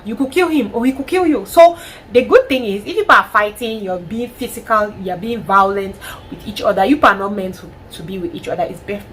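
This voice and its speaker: A woman's voice: mid-range voice, slight background noise, rough recording. Frank Cameroonian woman giving advice. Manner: frank, animated, emphatic. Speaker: lifestyle vlogger. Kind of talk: casual advice monologue.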